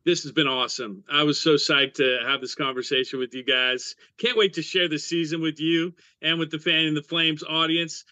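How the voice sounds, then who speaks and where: A man guest, a sportscaster, signing off quickly and upbeat after hurried apologies, heard over a remote call. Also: fairly high pitch, little pitch movement, bright, forceful tone, no room sound. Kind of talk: casual chat.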